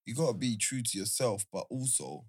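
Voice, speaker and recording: A man's voice: medium pitch, animated, fairly quick. A young man, teasing and joking in slangy casual banter.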